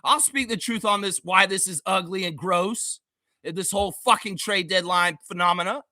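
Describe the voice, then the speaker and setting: Hosting a sports fan livestream, this man has a high, bright voice and a forceful tone at a moderate pace. He rants heatedly and sarcastically, swearing a lot, before settling into loose, laughing chat. The recording is dry, with clean studio sound.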